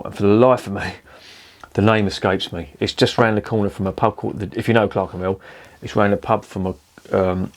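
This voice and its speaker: A man talks through a beer review in a relaxed vlog style. His voice sits low, and he keeps things jokey and chatty, dropping swear words along the way. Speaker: beer reviewer, channel host.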